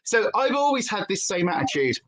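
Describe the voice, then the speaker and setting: A woman's voice: medium pitch, a little fast, low-quality recording. A British woman hosting a casual livestream from home, chatty and prone to tangents, a former TV presenter telling stories. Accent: British English. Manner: chatty, wanders off on tangents, lively storyteller. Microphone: headphones with desk setup.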